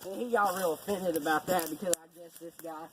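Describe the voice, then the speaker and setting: A man's voice: a little high, fairly even intonation, brisk. A young man, the cameraman, telling rambling, profane, joking stories outdoors on a camera mic. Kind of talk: casual rambling storytelling. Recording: noisy outdoor camera audio.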